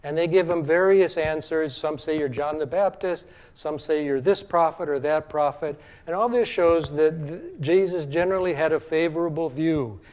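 A man with a slightly high voice delivers a sermon as a preacher. He talks in a measured teaching tone and slows down to give weight to the verses he quotes. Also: a little mellow. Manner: measured teaching tone with slow emphatic scripture quotes.

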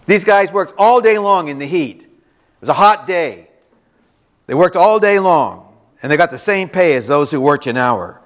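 Animated man preaching a sermon. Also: a little high, a little fast. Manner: animated, conversational, teases the congregation. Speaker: pastor. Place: church before a congregation.

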